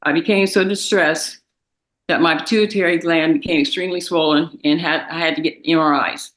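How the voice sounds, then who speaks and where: A young woman, a victim's daughter, reading a victim impact statement in a courtroom, halting and tearful. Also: low-pitched, steady tone, reverberant, poor audio. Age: young adult.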